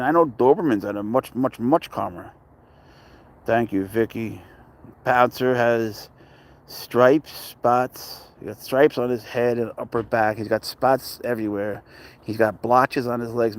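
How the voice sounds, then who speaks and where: A man's voice: mid-range voice, measured pace. A man chatting casually outdoors at a dog park, joking, talking to his cat and greeting viewers by name. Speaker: pet owner vlogger. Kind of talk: casual rambling chat.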